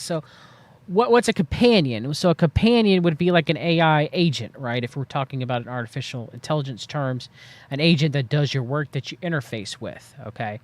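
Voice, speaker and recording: A man's voice: fairly high pitch, brisk. A man hosting a livestream, talking to his chat in a rambling, wry way and drawing out words for emphasis. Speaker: livestream host. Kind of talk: casual commentary to chat.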